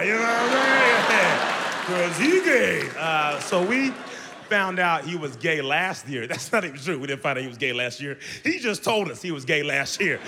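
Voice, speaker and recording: High, animated man doing stand-up. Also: noisy background. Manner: loud, animated, jumps to high shouts. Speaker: stand-up comedian. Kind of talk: stand-up comedy set. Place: large comedy venue on stage. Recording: live show in a hall with audience.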